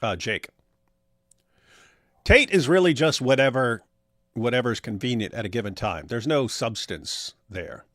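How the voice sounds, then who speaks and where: A man's voice: mid-range voice, animated, measured pace, pauses often, a bit bright, no room sound, clean studio sound. Blunt, sarcastic middle-aged man hosting. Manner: blunt, sarcastic, reads viewer chat aloud. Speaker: livestream host. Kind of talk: casual live-stream chat.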